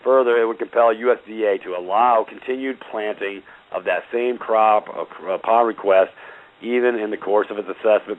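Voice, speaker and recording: A male radio talk show host ranting sarcastically at his listeners, often calling them "folks" and filling with "uh". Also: lowish voice. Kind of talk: opinionated call-in talk. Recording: tinny phone-line audio.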